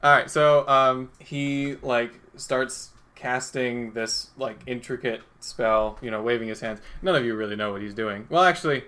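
Casting note: relaxed male game master, mid pitch, filler-heavy narration. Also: moderate pace, few pauses. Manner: casual, laughing, many fillers.

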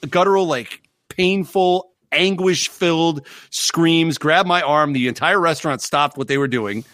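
A man's voice: fairly high pitch, measured pace, fairly bright tone, no echo. A middle-aged man co-hosting a podcast, swearing freely and telling stories in casual chat, recovering from arm surgery. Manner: profane, storytelling, mock voices. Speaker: podcast co-host.

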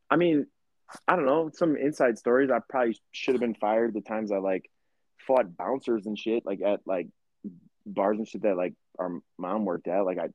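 A man's voice: on the low side, no echo, lo-fi sound. Foul-mouthed young man telling stories. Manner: profane, rambling, animated storyteller. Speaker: podcast co-host. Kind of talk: casual storytelling chat.

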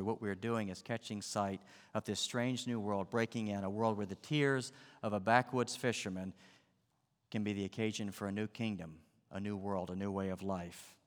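Pastor, man; dramatic sermon delivery, low-pitched, recorded in a reverberant sanctuary. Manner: dramatic, acts out the voices of the story.

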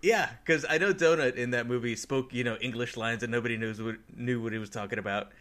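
A man on a casual movie podcast, laughing as he talks and jumping up in pitch to quote lines. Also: fast talker, fairly bright tone. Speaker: podcast co-host.

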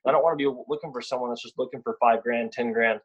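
A man's voice: medium pitch, steady tone, fast, slightly rough. Blunt young man, dull lo-fi sound. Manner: blunt, repeats words when starting sentences. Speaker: sales rep guest. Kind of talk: casual podcast chat.

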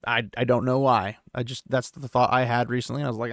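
Gravelly man recapping casually. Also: mid-range voice, little pitch movement, quick pace, no echo, clean studio sound. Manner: loose, conversational paraphrasing with fillers. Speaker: podcast host.

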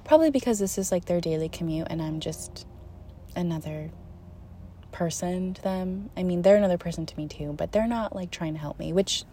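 A young woman telling a travel story in a casual, animated way, often laughing and acting out what people said. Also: on the low side, a little fast, a little hiss or hum. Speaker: storyteller recounting a trip.

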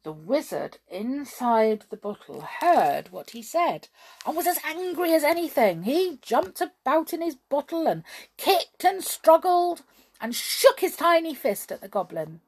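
A woman reading a children's story aloud as narrator, with expressive, lively storytelling. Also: sits high, measured pace.

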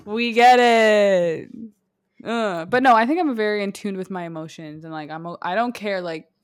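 A woman's voice: mid-range voice, a little fast, slight background noise. Chatty young woman podcast co-host. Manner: chatty, fills speech with "like". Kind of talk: casual chat.

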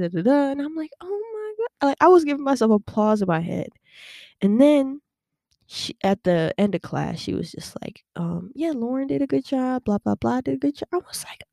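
Gravelly-voiced young woman chatting casually. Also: medium pitch, dry recording, clean studio sound. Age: young adult. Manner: chatty, animated, many fillers and quick laughs. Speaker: podcast host. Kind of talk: casual personal storytelling.

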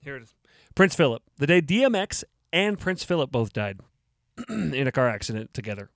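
A man's voice: medium pitch, big pitch swings, normal speed, dry recording, studio quality. A man hosting his own podcast, joking and mock-indignant, laughing at his own jokes. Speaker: podcast host. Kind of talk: casual solo podcast talk.

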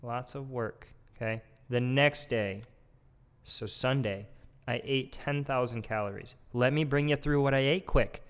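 Brief: young male co-host, mid-pitched, easygoing and self-mocking, casual talk. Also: a little slow, clear, resonant tone. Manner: laughing, self-deprecating. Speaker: podcast co-host. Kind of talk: casual chat. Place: back of a gym.

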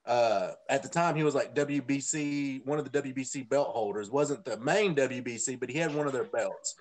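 A man's voice: mid-range voice, normal speed. A man, co-hosting a podcast and telling a story in casual, profane chat with a lot of laughter. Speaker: podcast co-host.

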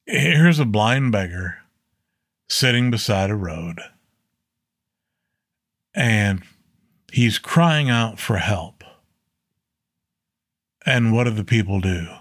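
Man, Bible study teacher, slow delivery, slightly low pitch, earnest, casual. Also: slightly rough, no echo, clean studio sound. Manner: slow and earnest, with fillers and self-corrections.

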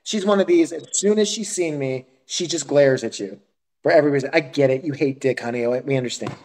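A man's voice: on the high side, a little fast, a little mellow. A man co-hosting a podcast, ranting crudely and profanely in casual chat, often breaking into laughter. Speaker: podcast co-host.

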